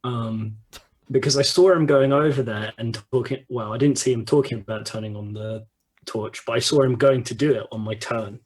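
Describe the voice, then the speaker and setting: A man's voice: mid-range voice, normal speed, a little mellow, breathy edge. A man playing a tabletop game, talking casually and muttering to himself while he checks the rules. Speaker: player.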